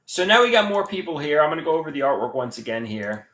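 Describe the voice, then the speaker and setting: A man's voice: fairly high pitch, sing-song, quick pace, fairly bright tone, echoey room. A man chatting casually on a livestream, reading viewer comments aloud and greeting chatters.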